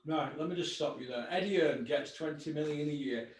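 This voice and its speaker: A fairly quick, slightly high male voice belongs to the host of a boxing podcast. He's blunt and swears freely while ranting about fights, recorded in a very echoey room on a distant mic.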